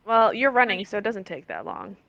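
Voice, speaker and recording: A woman narrating as game master of a tabletop game, lively and descriptive. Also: mid-range voice, fairly quick, creaky, echoey room, far from the mic, dull audio.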